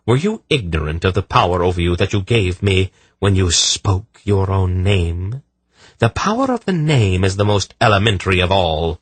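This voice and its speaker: A powerful, cool-headed sorceress, as a male narrator puts her on, speaking with frosty, implacable authority. Her husky voice stays close and dry in an audiobook reading. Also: low voice, very animated, normal speed, dry recording, pitched above the performer's own voice, exaggerated voice. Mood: commanding calm. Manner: cool, implacable, dryly amused. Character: commanding, calm, powerful woman sorceress.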